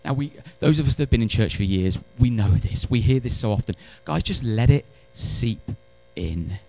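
A man preaching a sermon in church, animated, swinging between loud emphatic lines and hushed ones, with wry humorous asides. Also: medium pitch, moderate pace, gravelly, faint music behind. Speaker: pastor.

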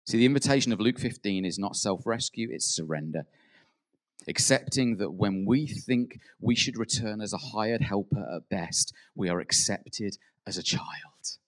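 A man preaching a sermon in an earnest way. He rises to emphatic peaks, then drops soft, and acts out quoted prayers. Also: fairly low pitch, normal speed.

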